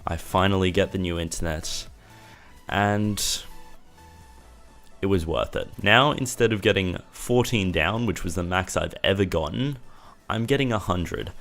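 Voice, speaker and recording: Deep-voiced young aussie guy ranting at the camera, fed up, swears a bit, faint music behind. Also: measured pace, a bit bright. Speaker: vlogger. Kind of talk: casual rant to camera.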